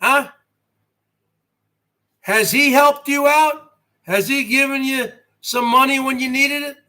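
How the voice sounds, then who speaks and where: Slow and drawn out, with fairly even intonation, a very high-pitched man with a sharp, bright voice chats rambling on a live stream. His boasting has wrestling-promo bravado, punctuated by constant rhetorical questions to his audience.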